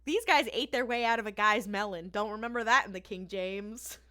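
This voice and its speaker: Woman podcast co-host, bright and clear, casual animated recap. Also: mid-range voice, fairly quick. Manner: animated retelling with quoted lines.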